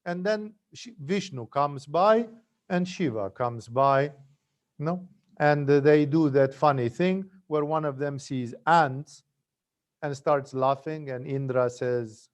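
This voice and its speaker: A man's voice: medium pitch, measured pace. A man teaching yoga, telling stories in a conversational spiritual talk with frequent tag questions.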